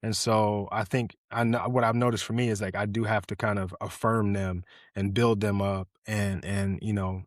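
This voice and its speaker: A man's voice: fairly low pitch, little pitch movement, moderate pace, no echo. Reflective man saying "right?", dry mic. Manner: repeats words, adds "right?" often, reflective. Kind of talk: casual conversation.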